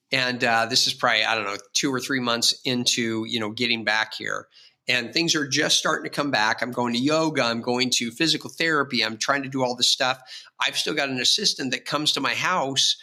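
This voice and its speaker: A man's voice: mid-range voice, bright, forceful tone. A man, a real estate agent guest on an interview podcast, telling rambling, vivid personal stories with frequent restarts. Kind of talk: casual storytelling interview.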